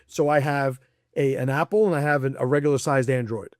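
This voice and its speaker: A man's voice: mid-range voice, brisk, no echo, clean studio sound. A man speaking as a podcast guest in a casual chat, blunt and profane, laughing between points and acting out people he quotes.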